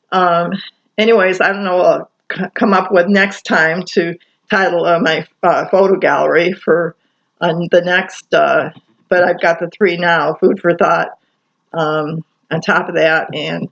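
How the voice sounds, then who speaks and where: A woman's voice: fairly low pitch, creaky. Rambling woman in a muffled home recording. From Michigan, USA. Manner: rambling, many fillers and restarts. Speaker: vlogger. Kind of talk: rambling casual monologue. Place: apartment kitchen at night.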